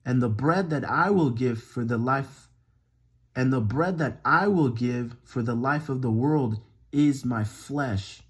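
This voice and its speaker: A young man with a slightly husky voice leads a Bible study, pitched right in the middle of the male range. He talks in a loose, slangy way and slows down on the lines he reads for emphasis. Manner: slangy and conversational, with reading slowed for emphasis. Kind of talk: casual Bible reading and commentary.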